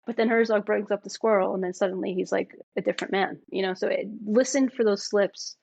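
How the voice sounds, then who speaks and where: A woman with a New York accent, a filmmaker talking as a podcast guest, emphatic and animated, often checking in with "right?". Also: medium pitch, fairly quick, gravelly, lo-fi sound. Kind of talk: casual podcast conversation.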